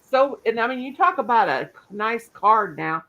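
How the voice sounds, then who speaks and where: A woman hosting a casual livestream chat, chatty and animated, laughing often. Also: fairly high pitch, normal speed, dull audio. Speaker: livestream host. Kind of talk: casual live-stream chat.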